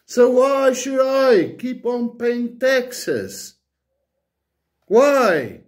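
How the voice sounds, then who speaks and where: A man's voice: very high voice, expressive, very slow. A man with an Afrikaans South African accent, ranting bluntly to camera and firing off repeated, profane rhetorical questions. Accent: South African, Afrikaans-speaking. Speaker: political commentator. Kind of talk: angry political rant to camera.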